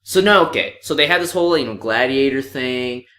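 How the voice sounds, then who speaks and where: Male podcast co-host, lively mocking delivery, bright tone, roomy echo. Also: mid-range voice, brisk. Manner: animated, mocking impressions, swears freely. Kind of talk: casual movie review chat.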